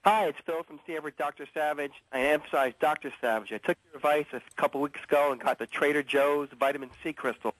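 An eager male caller on talk radio who rattles off his words quickly. The sound is dry and close. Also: a little high, a bit bright, no echo, rough recording. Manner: eager, grateful.

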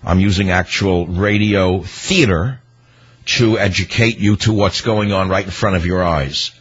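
A man delivering political commentary on his radio show, indignant and rhetorical. His voice is low and husky. The broadcast sounds dull and lo-fi. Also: unhurried. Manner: indignant, rhetorical, hammering repetition. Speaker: radio talk show host.

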